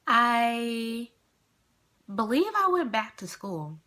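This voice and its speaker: A woman's voice: on the high side, sing-song, very slow, sharp tone. A young adult woman telling a casual storytime vlog, chatty and rambling with lots of fillers. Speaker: vlogger.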